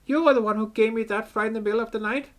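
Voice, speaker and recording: A man's voice: high-pitched, fairly even intonation, racing, fairly bright tone, pitched above the performer's own voice. A man voicing a young female idol who sounds earnest, nervous and full of questions, in a fan reading of game dialogue. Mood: anxious.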